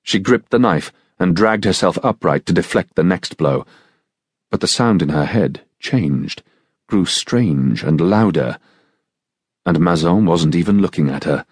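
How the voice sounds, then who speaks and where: A man narrating an audiobook in a measured, steady storytelling manner. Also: deep voice, husky, no room sound, clean studio sound. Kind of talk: scripted narration.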